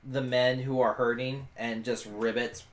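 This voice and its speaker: A man's voice: mid-range voice, flat delivery, a little slow. A man playing a tabletop role-playing game, describing his characters' actions hesitantly with fillers. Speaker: player.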